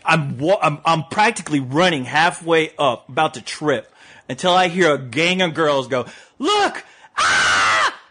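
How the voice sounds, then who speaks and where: A man's voice: a little high, moderate pace, background noise. A man co-hosting a show, telling a funny story in a casual chat and often laughing along as he goes. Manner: animated, laughs often through his own story. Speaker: co-host.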